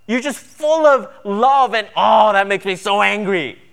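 A man's voice: high voice, expressive, unhurried, vocal fry, a bit bright, smooth, voice pushed up, full character voice. A man voicing an imagined person who is indignant with exaggerated, mocking outrage. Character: exasperated person angry at too much mercy.

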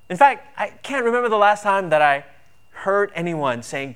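A man's voice: high-pitched, lively intonation, normal speed, fairly bright tone, smooth. A man preaching a sermon earnestly, with emphatic build-ups on key points. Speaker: pastor.

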